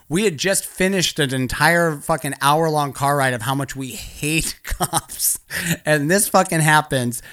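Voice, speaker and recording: A man's voice: fairly high pitch, pushed and bright. A man telling a stand-up comedy story, rambling and profane, often laughing through his lines.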